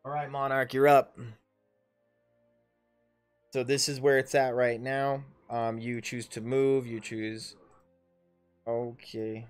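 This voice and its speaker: A man's voice: mid-range voice, level tone, takes it slowly, long pauses, clean tone, faint music behind. Laid-back man running a tabletop game. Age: 30s. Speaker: dungeon master. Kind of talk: casual livestream game mastering.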